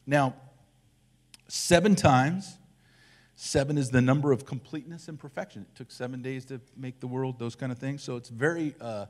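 An older man, a church elder, giving a relaxed conversational sermon and acting out the voices of the people in his story. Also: mid-range voice, a little fast, hardly any pauses.

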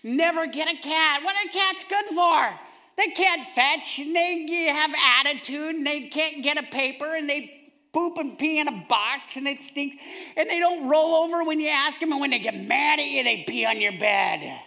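A man preaches with a lively, humorous storytelling manner. His voice is bright, and his delivery stays conversational as he speaks to his congregation. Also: very high-pitched, moderate pace. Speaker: pastor. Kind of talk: sermon storytelling.

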